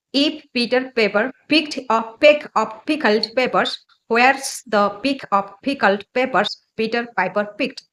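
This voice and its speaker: Woman, casual vlog host, fairly high voice, careful learner's English, tongue twisters. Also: measured pace, hardly any pauses, a bit bright. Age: adult, mother of a child. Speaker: channel host and mother.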